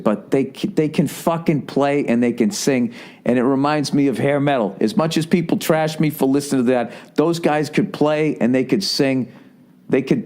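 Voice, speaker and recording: A man's voice: medium pitch, a little mellow. A man in his forties hosting a solo podcast, telling a long, profane, self-deprecating story full of restarts and asides. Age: 40s. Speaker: podcast host.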